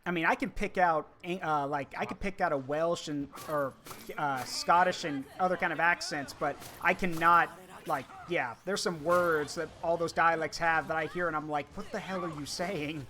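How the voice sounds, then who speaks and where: A man's voice: on the high side, fairly even intonation, moderate pace, pushed and bright, slight background noise. A man streaming a video game with friends, chatting casually and rambling with lots of fillers. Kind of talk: casual gaming chat.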